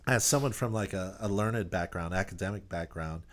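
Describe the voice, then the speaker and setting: Man, lowish voice, musician guest, rambling casual interview talk, lots of "like". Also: brisk. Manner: animated, rambling, many "like"s and restarts.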